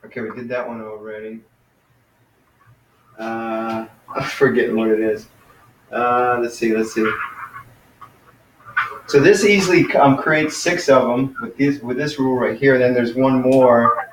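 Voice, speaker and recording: A man teaching an online class in an informal way, thinking aloud and sounding out vowels slowly. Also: medium pitch, fairly even intonation, background noise. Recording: distant, dull, roomy screencast audio.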